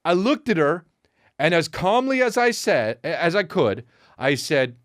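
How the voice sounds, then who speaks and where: A man's voice: on the high side, big pitch swings, a little slow, a bit bright, no room sound, studio quality. A man in his thirties telling a comedic story on his podcast, profane and exasperated, acting out what people said. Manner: profane, exasperated, acts out quotes.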